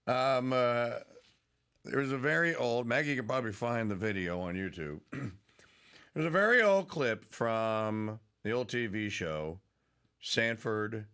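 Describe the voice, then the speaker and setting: A man's voice: medium pitch, bright, forceful tone, clear, resonant tone. A middle-aged man hosting a radio talk show, rambling, laughing and slipping into mock voices.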